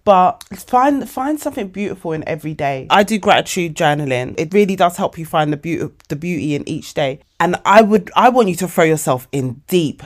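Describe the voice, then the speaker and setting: A woman of forty, hosting a casual motivational podcast monologue, animated and emotional, calling her listeners babes. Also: lowish voice, fairly quick, few pauses. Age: 40s. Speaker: podcast host.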